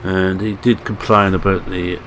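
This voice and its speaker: With game engine and vehicle sounds in the background, a Scottish man who hosts a gaming channel talks his way through a farming game. His voice sits low and fairly bright, with flat delivery and a slightly slow pace, and his commentary is casual, self-deprecating, and thought out loud.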